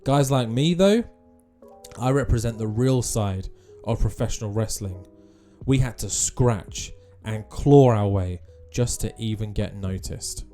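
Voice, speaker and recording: A man's voice: lowish voice, unhurried, mellow, soft background music, lightly acted. A man voicing a smug veteran male wrestler who talks in a smirking, mocking way.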